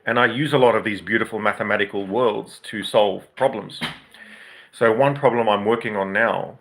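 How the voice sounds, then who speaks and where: A man's voice: on the low side, fairly even intonation, moderate pace, a bit bright, slight background noise. A man hosting an unscripted, reflective monologue, explaining things in a rambling, professorial way with asides. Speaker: podcast host.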